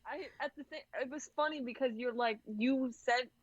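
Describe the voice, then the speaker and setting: A woman's voice: high-pitched, moderate pace, no room sound, muffled recording. A woman guest on a gaming podcast, chatting casually and giggling through her stories. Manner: giggly, animated storytelling. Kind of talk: casual chat.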